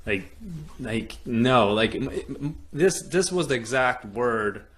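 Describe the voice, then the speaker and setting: A man from Europe hosting a podcast, telling a personal story in an animated way and acting out the other people's lines. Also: medium pitch, slow. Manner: animated storyteller, acts out quoted dialogue, many fillers. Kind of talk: storytelling in casual conversation.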